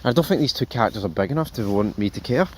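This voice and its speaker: A man hosting a casual TV review, rambling and animated, swearing freely and calling viewers folks. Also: mid-range voice, rapid-fire, a little hiss or hum. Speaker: show host, TV reviewer.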